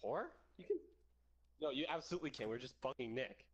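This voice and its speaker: A male streamer joking crudely with a friend over a game. His pitch swings widely as he teases and riffs. He laughs often between lines. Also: expressive, a little fast, breathy edge. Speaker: livestreaming gamer. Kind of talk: casual gameplay chat.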